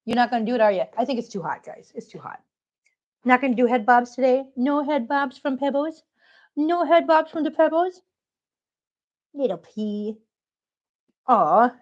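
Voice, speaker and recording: A woman's voice: high-pitched, lively intonation, normal speed, pauses often, lo-fi sound. A woman vlogger walking around her home with a handheld phone, chatting casually and cooing at her cats in affectionate baby talk, laughing often. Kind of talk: casual live-stream chat. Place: home living room and outdoor catio.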